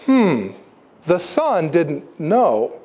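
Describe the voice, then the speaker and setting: A man preaching a sermon with a notably high voice. He presses his points with rhetorical questions and breaks off into animated asides. He sounds a little congested. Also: extremely slow, husky, lo-fi sound. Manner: emphatic, rhetorical questions to the congregation. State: congested, needing tissues. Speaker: pastor.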